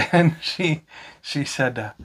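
A man's voice: on the high side, expressive, takes it slowly, fairly bright tone, slightly rough. Casual swearing man telling stories. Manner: swearing, storytelling. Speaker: podcast co-host. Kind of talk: casual chat. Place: home.

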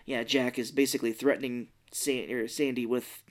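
A woman's voice: a bass voice, fairly even intonation, normal speed. A woman co-hosting a podcast, retelling a film's scenes in a loose, rambling way with fillers and mild swearing. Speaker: podcast co-host. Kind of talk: casual movie recap chat.

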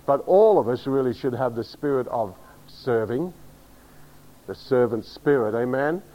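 A man's voice: medium pitch, animated, measured pace, dull audio. A pastor preaching a teaching sermon, emphatic and direct, often asking his congregation to agree. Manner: emphatic, spells words out, asks the congregation.

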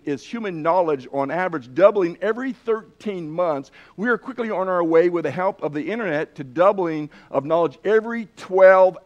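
Preacher, male, high voice, earnest and halting, sermon delivery. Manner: earnest, with many restarts and fillers.

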